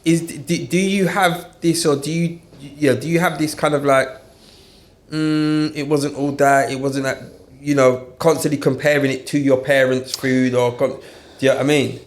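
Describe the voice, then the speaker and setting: A man's voice: fairly high pitch, brisk. A man hosting a podcast, asking questions and telling stories, acting out his own reactions as he goes. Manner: animated storyteller, acts out his own reactions. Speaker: podcast host. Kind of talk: casual podcast chat, storytelling. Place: podcast studio.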